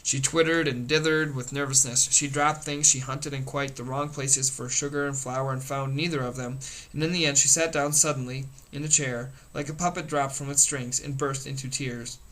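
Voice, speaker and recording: A man reading a novel aloud in a steady voice, with occasional slips and restarts. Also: medium pitch, moderate pace, rough recording. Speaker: audiobook reader.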